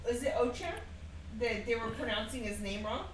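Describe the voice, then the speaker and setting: A woman's voice: a little high, fairly even intonation, normal speed, a little hiss or hum. A woman chatting casually as co-host with short, giggly remarks, far from the microphone. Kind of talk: casual chat. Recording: far off mic in echoey room.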